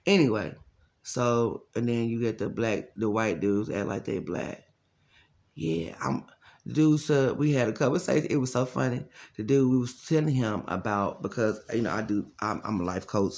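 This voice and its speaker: A man talking as a life coach in a blunt, profane, casual rant, telling stories with loud quoted voices. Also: medium pitch, dull audio.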